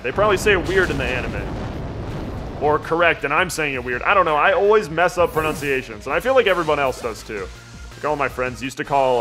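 A man's voice: fairly high pitch, sharp tone. Jokey, rambling let's play guy. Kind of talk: casual gameplay commentary.

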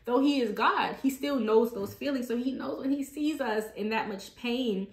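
A woman's voice: a little high, moderate pace. A woman hosting a ministry talk, giving an earnest personal faith testimony in a conversational way and speaking to listeners as y'all. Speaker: ministry host. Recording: echoey room.

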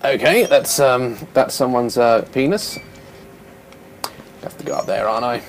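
A man's voice: mid-range voice, lively intonation, moderate pace, slight background noise. A man commentating a horror game, jumpy, swearing a lot and laughing nervously. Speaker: gamer.

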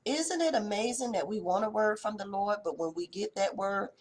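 Husky-voiced woman preaching with passion. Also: mid-range voice, moderate pace. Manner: passionate, swings between loud exhortation and hushed intensity; colloquial, uses folksy address. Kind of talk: impassioned devotional preaching.

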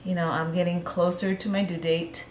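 A woman's voice: on the low side, level tone, normal speed, darkish tone. Breathless, chatty pregnant woman, roomy sound. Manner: chatty and rambling, self-correcting. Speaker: vlogger. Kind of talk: casual vlog chat.

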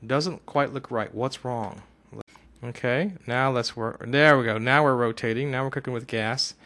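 A man narrating a casual software screencast tutorial, talking himself through each step and now and then bursting into excited whoops, recorded on a desktop mic at his computer. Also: medium pitch, normal speed.

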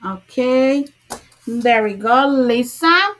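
A woman's voice: fairly high pitch, lively intonation, drawn-out words, a bit bright. A woman hosting a crochet livestream, chatting casually, greeting viewers by name and laughing often.

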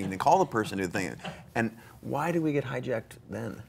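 A man hosting a live studio interview, talking enthusiastically with quick asides. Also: mid-range voice, expressive, vocal fry, a little hiss or hum. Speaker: host.

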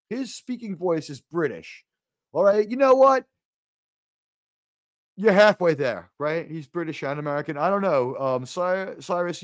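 Host, male, casual live-show chat, excitable and profane, higher voice, dry mic. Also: no echo. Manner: animated, swears often, jumps to high exasperated pitch.

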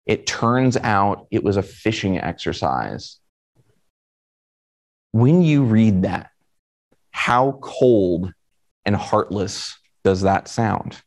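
Lively man giving a conference talk. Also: lowish voice, drawn-out words, pauses often. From Florida. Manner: conversational, asks the audience questions. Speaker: conference speaker.

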